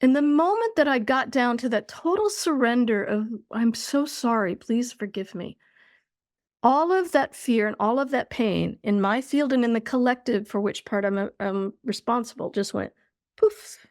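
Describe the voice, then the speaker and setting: Slow, earnest woman, fairly high voice. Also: animated, no room sound, studio quality. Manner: slow, earnest, deliberate storytelling. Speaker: podcast guest. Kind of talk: recounting a spiritual experience.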